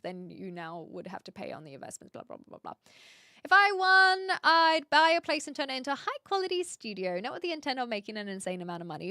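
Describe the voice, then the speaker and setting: A woman's voice: mid-range voice, no echo, studio quality. A woman from New Zealand with a British accent and a slight Australian twang, chatting casually as a streamer, reading viewer messages aloud and laughing often.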